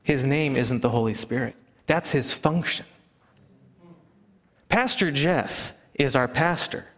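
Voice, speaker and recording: A man preaching a sermon, telling stories and acting out hushed family chatter. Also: medium pitch, slow. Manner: animated storyteller, acts out hushing relatives. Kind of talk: sermon with storytelling. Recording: long hall reverb.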